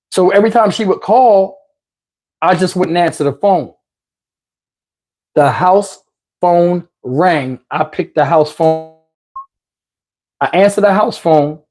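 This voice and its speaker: A middle-aged man casually telling a comic personal story to his viewers, animated and slangy, with frequent restarts and asides. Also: high-pitched, slow pace, long pauses.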